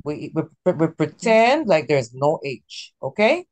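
A woman teaching a class, coaxing students and drilling pronunciation slowly. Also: low voice, big pitch swings, a little mellow. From Latin America. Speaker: Spanish teacher.

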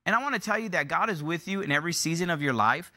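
Bright-voiced male pastor preaching. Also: expressive, rapid-fire. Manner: preaching, rising in pitch and intensity as he builds; repeats phrases for emphasis. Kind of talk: sermon.

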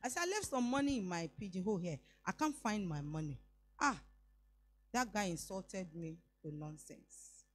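Speaking at a normal speed with a mid-range voice and lively intonation, a middle-aged woman with a Nigerian accent delivers a sermon woven with a personal story. She slips into Yoruba now and then, and her emphatic delivery climbs whenever she makes a declaration.

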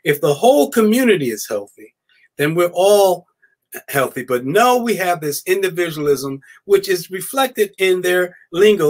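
Emphatic man, high voice, guest scholar. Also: moderate pace. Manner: animated, emphatic, with repetitions. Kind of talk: conversational live-stream interview.

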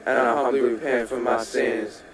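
A young man rapping in a steady flow over a beat, punctuating lines with "uh". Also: medium pitch, moderate pace, echoey room, a loud crowd. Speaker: rapper covering an album. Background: hip hop beat.

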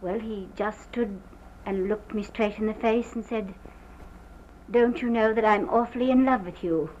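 An actress playing a distraught young wife who recounts a violent night in a halting, theatrical manner, from an early sound film drama. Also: female voice, medium pitch, a little mellow, close to an everyday voice. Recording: dull lo-fi early film soundtrack with faint hiss.

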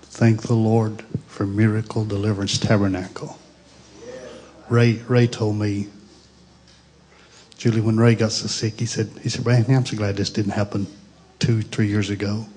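A middle-aged pastor preaching a Pentecostal sermon, moving from grief to fervent praise. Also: male voice, fairly low pitch, flat delivery, unhurried, pauses often. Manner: grieving then rising to fervent shouted praise.

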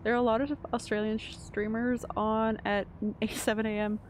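A woman's voice: fairly high pitch, level tone, normal speed, a little hiss or hum. A woman streaming a video game, chatting casually, laughing often and answering her chat. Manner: chatty, giggly, reads chat aloud.

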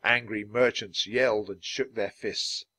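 A man reading a children's chapter book aloud in a clear, measured, lively way. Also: lowish voice. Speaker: storybook reader.

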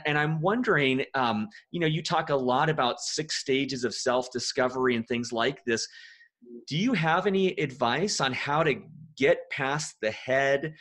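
A man's voice: mid-range voice, fairly bright tone. Reflective male podcast host. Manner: reflective, thoughtful, repeats words. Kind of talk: podcast interview.

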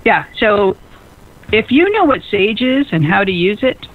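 A woman hosting a radio talk show in an excitable, bubbly way, often laughing at herself. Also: mid-range voice, a little slow, noisy background. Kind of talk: casual radio chat. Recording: lo-fi phone-like radio audio.

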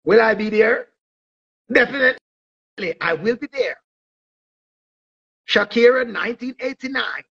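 A Jamaican man with a high, gravelly voice hypes things up in a casual, animated monologue, slipping between patois and English. The sound is dull and lo-fi. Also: a little slow, long pauses. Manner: animated, mixes patois with English, bursts into singing. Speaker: vlogger.

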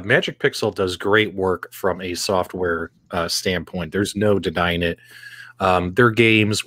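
Guy hosting a gaming podcast, lowish voice, dry close mic, gets animated. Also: dry recording. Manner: animated, asks co-hosts questions. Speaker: podcast host. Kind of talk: casual podcast chat.

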